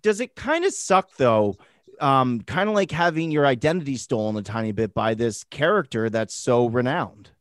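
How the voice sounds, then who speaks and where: A man's voice: medium pitch, lively intonation, normal speed, no room sound, clean studio sound. A male interview host who chats casually and eagerly, laughing easily and swearing now and then.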